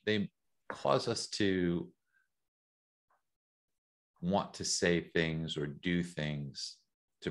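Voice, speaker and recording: A middle-aged American man talking as an interview guest, thoughtful and measured, often repeating words as he thinks. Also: sits low, fairly bright tone. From United States. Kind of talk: reflective interview talk.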